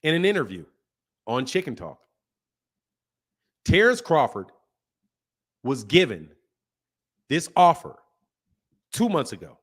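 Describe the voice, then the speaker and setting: A man's voice: a little high, very animated, takes it slowly, long pauses. A man hosting a live boxing talk stream, talking casually and animatedly to his chat, repeating points and laughing. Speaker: boxing commentary host.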